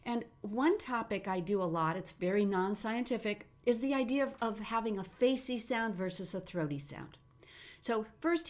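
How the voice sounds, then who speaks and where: Woman, middle-aged, voice teacher running a webinar. Animated delivery with frequent demos. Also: medium pitch, normal speed. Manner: animated, demonstrates sounds with her own voice.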